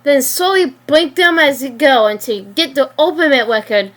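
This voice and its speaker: A woman reading a story aloud and voicing a cocky young male virus, cold and defiant, with a flat, matter-of-fact delivery and small stumbles. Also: sits high, normal speed, slight background noise.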